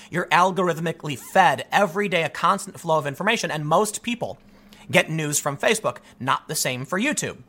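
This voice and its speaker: A man with a bright, fairly high voice talking through the news on his own. His pitch swings widely as he reads quotes and cuts in with sarcastic, emphatic remarks. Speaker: political commentator. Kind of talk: solo commentary monologue.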